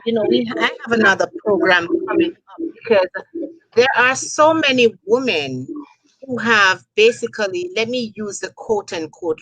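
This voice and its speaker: A woman's voice: mid-range voice, pushed and bright, rough recording. A woman hosting an interview talk show, rambling and leaning on filler phrases. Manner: rambling, leans on "you know". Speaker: host.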